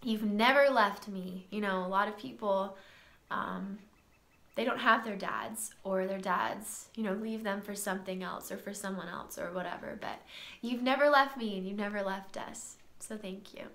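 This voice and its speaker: Bright-voiced young woman, tearful tribute. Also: medium pitch, moderate pace, gravelly. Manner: tender, reading from notes with frequent soft laughs. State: slightly tearful. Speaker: daughter giving a birthday tribute. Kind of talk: heartfelt tribute read from a list. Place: sunroom at home. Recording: roomy echo in a sunroom.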